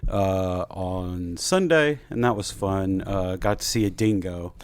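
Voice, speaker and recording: A man's voice: sits low, takes it slowly, clean tone, dry recording. A man from Florida co-hosting a podcast, chatting casually in a rambling, hesitant way with many fillers. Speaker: podcast co-host. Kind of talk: casual chat.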